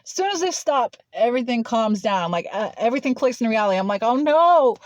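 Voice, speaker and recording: A woman's voice: a little high, animated, quick pace, a little mellow, dry recording, dull audio. A woman telling a personal story in a casual, rambling way, full of "like" and restarts. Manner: rambling, heavy use of "like" and restarts. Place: Nashville.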